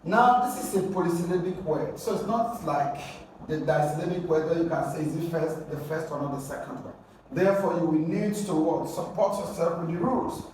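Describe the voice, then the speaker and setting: A man teaching an exam-prep lesson, drilling syllables slowly and asking his students rhetorical questions. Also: a little high, a little mellow, a little hiss or hum. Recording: very echoey room, mic at a distance.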